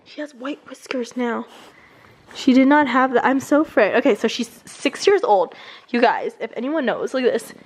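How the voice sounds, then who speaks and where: High, lively woman vlogging with her dog. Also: moderate pace. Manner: cooing baby talk to a pet, giggly. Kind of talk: casual vlog chat with her dog. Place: at home with a dog.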